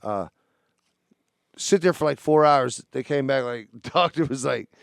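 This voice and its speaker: A man co-hosting a casual podcast, telling an animated, profane story with quoted voices. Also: mid-range voice, unhurried, creaky, no echo, studio quality. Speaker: podcast co-host. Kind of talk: casual chat.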